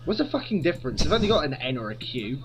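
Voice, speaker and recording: A man's voice: mid-range voice, big pitch swings, fast, a crowd in the background. A man co-hosting a podcast in casual comedy chat, rambling and swearing a lot. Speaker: podcast co-host.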